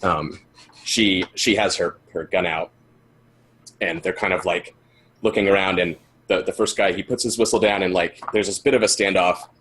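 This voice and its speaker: Husky low-voiced man running a game. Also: fairly even intonation, fairly bright tone. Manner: loose, halting narration full of "like" and restarts. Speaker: game master. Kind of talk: narrating a tabletop game.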